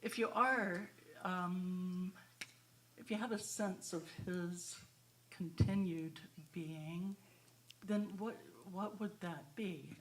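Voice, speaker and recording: Slow, hesitant woman asking a question. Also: fairly low pitch, steady tone, a bit bright. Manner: hesitant, searching phrasing. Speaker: audience member asking a question. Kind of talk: audience question at a spiritual talk. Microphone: handheld microphone.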